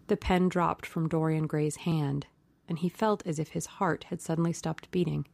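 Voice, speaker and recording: Woman narrating an audiobook, lowish gravelly voice, steady, dry close sound. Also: moderate pace, dry recording.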